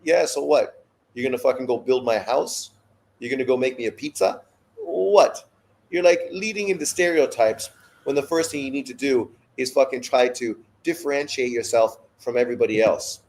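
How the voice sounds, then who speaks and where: Between discussing the fights, a Canadian host of a live boxing watch-along launches into blunt, opinionated rants and swears freely. His voice is medium-pitched and a little mellow, at a normal speed.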